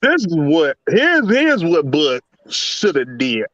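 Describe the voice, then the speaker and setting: A man's voice: a little high, wildly swooping pitch, slow, fairly bright tone, no echo, muffled recording. A male caller on a talk show who stumbles and stutters before getting his point out. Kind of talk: casual call-in chat.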